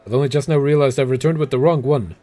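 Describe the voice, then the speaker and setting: A man's voice: mid-range voice, quick pace, dark tone, lightly acted. A man voicing a weary, out-of-breath man in a game, gasping and dramatic as he pleads. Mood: exhausted.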